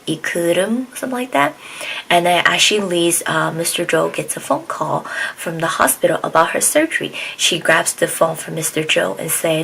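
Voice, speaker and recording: A woman's voice: low voice, moderate pace, vocal fry, a bit bright, slight background noise, rough recording. A woman retelling a drama plot in a casual, rambling way, full of fillers, restarts and acted-out lines. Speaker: drama reviewer.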